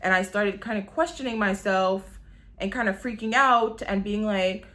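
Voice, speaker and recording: A woman's voice: medium pitch, normal speed, fairly bright tone. A woman, telling her own story in a candid, rambling vlog, swearing freely and filling her talk with "like". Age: 20s. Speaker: vlogger. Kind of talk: casual confessional storytelling.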